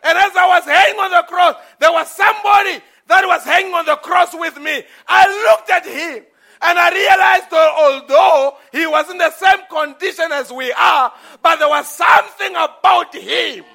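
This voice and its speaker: A man's voice: very high-pitched, moderate pace, gravelly, some chatter behind, voice pushed up, full character voice. A preacher voicing an overwhelmed repentant thief who cries out his testimony at full volume. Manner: shouting testimony. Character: overwhelmed repentant thief, adult man, crying out.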